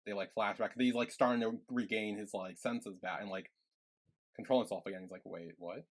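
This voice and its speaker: A man's voice: fairly low pitch, steady tone, a little fast. Young man retelling scenes loosely. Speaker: podcast co-host. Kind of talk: casual recap chat.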